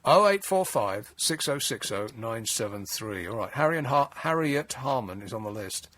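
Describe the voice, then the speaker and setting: A man's voice: mid-range voice, expressive, normal speed, hardly any pauses, a bit bright. A man hosting a late-night radio phone-in, wry and exasperated, rambling with frequent restarts. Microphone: studio mic.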